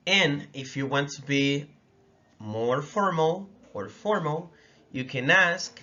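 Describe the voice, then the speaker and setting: A man from the Dominican Republic with a Dominican Spanish accent, teaching a language lesson slowly and repeating phrases for learners. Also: on the high side, animated, pushed and bright, highs cut off.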